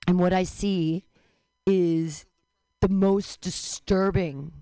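A woman's voice: lowish voice, takes it slowly, smooth, dry recording. Woman telling a wild story, dry close sound. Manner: animated storyteller, swings to loud cries. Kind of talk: stand-up story on a radio show.

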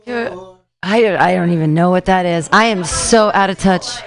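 A woman's voice: on the low side, normal speed. A woman hosting an open mic comedy night on a club stage, chatty and upbeat.

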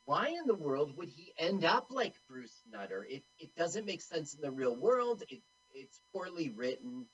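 A woman's voice: deep voice, big pitch swings, normal speed, few pauses, slightly rough, dull audio. A woman co-hosting a radio show, recounting a movie plot in a matter-of-fact, critical way. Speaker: radio co-host. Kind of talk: casual film-talk chat.

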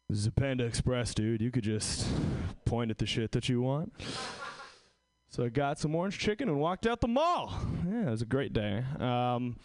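A man's voice: mid-range voice, sing-song, moderate pace. A man doing an open mic stand-up set, self-deprecating and rambling with fillers. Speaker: stand-up comedian.

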